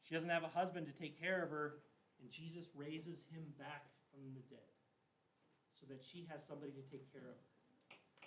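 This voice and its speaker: A man's voice: a little high, fairly even intonation, moderate pace, fairly bright tone. A man teaching a confirmation class, retelling Bible stories in a loose, chatty way full of "like" and slang. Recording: echoey room, mic at a distance, faint hiss.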